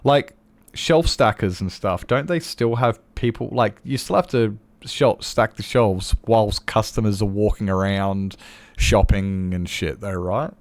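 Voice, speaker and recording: An Australian man streaming a game and chatting casually, telling animated stories and acting out other people's lines, with chuckles and restarts. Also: fairly low pitch, unhurried. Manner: animated storyteller who acts out customers' lines; frequent chuckles and self-interruptions. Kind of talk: casual chat while gaming.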